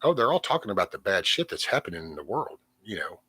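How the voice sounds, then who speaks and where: Very animated and talking fast, a middle-aged livestream host vents casually from home, rambling, swearing a lot, and trailing off. His low-pitched voice sounds pushed and bright with a breathy edge, recorded with no echo.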